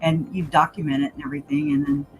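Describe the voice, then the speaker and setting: A woman's voice: low voice, fairly even intonation, quick pace, a little hiss or hum, rough recording. Laughing woman chatting on a livestream. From Louisiana. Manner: laughs often, says "y'all". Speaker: livestream host. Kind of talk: casual chat.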